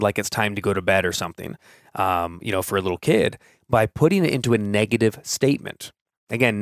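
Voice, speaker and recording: A man's voice: lowish voice, no room sound, studio quality. A man in his thirties hosting a solo podcast, talking casually and thinking aloud with fillers and restarts. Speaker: podcast host.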